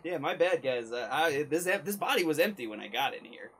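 A man's voice: on the high side, expressive, a little fast, very noisy. A man playing a tabletop game, joking and laughing often. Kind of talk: casual in-character and table talk.

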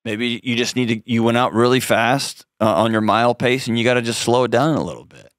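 A man's voice: mid-range voice, fairly quick, no echo, clean studio sound. A man hosting a call-in advice show, coaching a caller in an earnest, direct way with frequent restarts.

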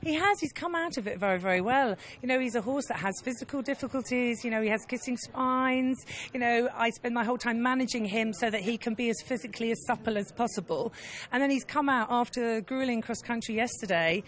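A woman rider being interviewed after competing, speaking in a measured, self-deprecating way and laughing at herself. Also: a little high, fairly bright tone. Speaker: event rider.

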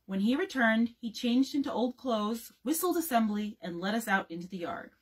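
A woman librarian reading a chapter book aloud as a bedtime story, with calm, expressive narration. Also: fairly high pitch, moderate pace, husky.

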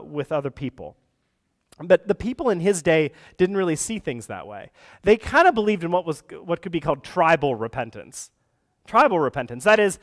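A male pastor preaching a sermon. He is earnest and breaks into conversational asides and restarts. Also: on the high side. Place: church sanctuary. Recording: long reverb of a church hall.

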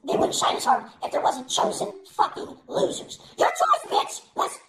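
A squealing, gravelly, musclebound male life coach who shrieks profane tough-love insults at a breakneck clip, his voice leaping wildly up and down. It rings in an echoey room over loud background noise. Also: extremely high pitch, wildly swooping pitch, moderate pace, voice pushed up, heavily acted. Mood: shrill ranting.

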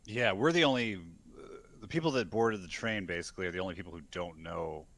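A man's voice: low voice, fairly quick, a bit bright, no echo. A man taking part in a tabletop role-playing game, talking in a casual, loose and profane way. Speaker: player.

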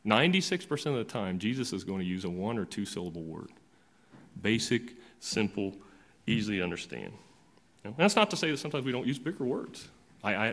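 Conversational man preaching a sermon. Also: fairly low pitch. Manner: conversational preaching, swinging between loud emphatic and quiet asides; repeats words and restarts often. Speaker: pastor.

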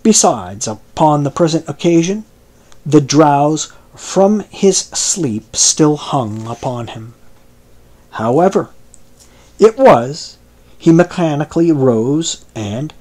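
A male audiobook narrator reading a classic sea story. He takes his time, shaping each phrase slowly and carefully. His voice sits a little higher than most men's. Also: very animated, dark tone. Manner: slow, measured reading. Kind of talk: scripted narration.

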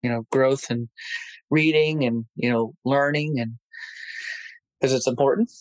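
A man in his thirties speaks candidly as a podcast guest, reflective and open about his past. His voice sits at an ordinary middle pitch and he grows animated when retelling moments. The sound is dry and close with no room echo. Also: unhurried. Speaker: martial arts instructor and guest. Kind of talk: casual podcast interview storytelling.

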